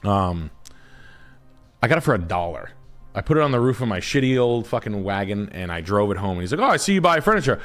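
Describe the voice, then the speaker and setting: A man's voice: lowish voice, lively intonation, fairly quick, faint music behind. A man casually telling a long rambling story, swearing often and breaking into other people's voices. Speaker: storyteller on a talk show.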